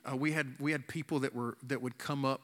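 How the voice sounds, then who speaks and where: An earnest man preaches to a congregation, his voice sitting at an ordinary middle pitch. He stumbles and repeats words as he builds his point. A long reverb from a large hall trails behind him. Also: steady tone, fairly quick, fairly bright tone. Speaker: pastor. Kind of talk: sermon.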